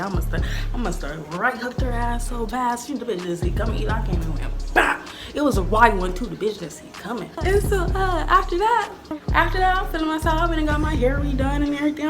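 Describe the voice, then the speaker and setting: A woman in her twenties tells a story in a casual, profane way, acting out the action with booming sound effects. Her voice sits a little high. Clear music plays behind her. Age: 20s.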